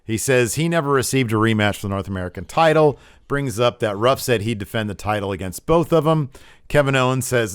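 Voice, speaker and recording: A man co-hosting a podcast, recapping wrestling in casual chat and acting out quotes with lively raised voices. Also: medium pitch, fairly quick, smooth, dry recording, clean studio sound. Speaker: podcast co-host.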